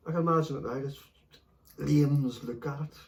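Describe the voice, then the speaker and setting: A man, telling stories in a sweary, animated late-night chat, laughing as he goes. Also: on the high side, moderate pace, gravelly, recorded from a distance. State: a bit stoned. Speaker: podcast host.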